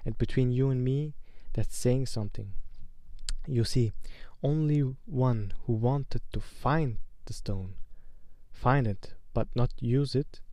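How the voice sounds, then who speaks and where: A man voicing a whimsical, kindly old headmaster wizard who talks gently and dreamily. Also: mid-range voice, takes it slowly, no echo. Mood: dreamy, wry.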